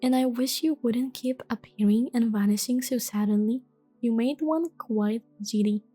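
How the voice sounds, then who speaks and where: A woman voicing a polite, curious and slightly timid young girl in a soft whispered role-play. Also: on the high side, moderate pace, husky, dry recording, faint music behind.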